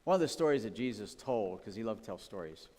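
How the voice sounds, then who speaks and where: A man's voice: lowish voice, animated, fast, a little mellow. Conversational male preacher, long reverb. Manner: conversational, personal and full of asides. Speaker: pastor. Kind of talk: sermon. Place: church sanctuary.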